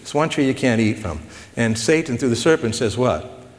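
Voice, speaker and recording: A man's voice: medium pitch, a little fast. Folksy pastor, man, in a reverberant hall. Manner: folksy, asks the audience questions. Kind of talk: conversational sermon, Bible teaching.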